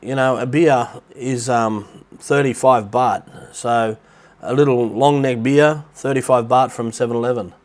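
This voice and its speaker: A middle-aged man with an Australian accent chats loosely on a livestream from his flat, his voice stuffy and nasal from a blocked nose. He rambles from point to point in an easy, middling pitch and greets viewers by name as he goes. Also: unhurried. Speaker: livestream host. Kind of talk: casual livestream chat. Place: rented apartment near the beach in Thailand.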